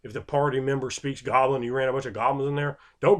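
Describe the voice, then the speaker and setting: A man talking casually as a game master giving advice, animated and loose, with sound-effect words. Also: mid-range voice. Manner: animated and conversational, acts out quick voices for players. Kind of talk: casual unscripted advice monologue.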